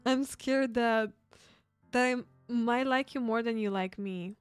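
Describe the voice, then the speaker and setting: A woman reading the lines of a sweet, sad teenage girl from a game in a soft, plain voice. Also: on the high side, takes it slowly, clear, resonant tone, dry recording, faint music behind.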